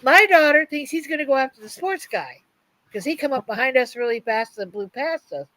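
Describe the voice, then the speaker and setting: High-voiced woman telling stories. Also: animated, a little fast, a bit bright, no room sound, rough recording. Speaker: host. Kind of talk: casual chat.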